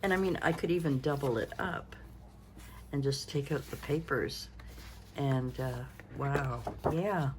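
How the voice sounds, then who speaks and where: Over a noisy background, a Canadian craft vlogger in her sixties speaks at a measured pace in a very deep voice. Her casual show-and-tell chat rambles as she thinks aloud, sounding tired and yawning.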